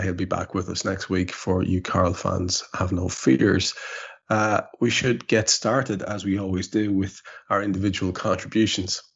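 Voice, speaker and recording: An Irish man hosts a casual podcast with a deep, gravelly voice that has a husky edge. His talk is wry and chatty, and the sound is dull and lo-fi. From Ireland. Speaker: podcast host. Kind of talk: casual chat. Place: home in rural Ireland.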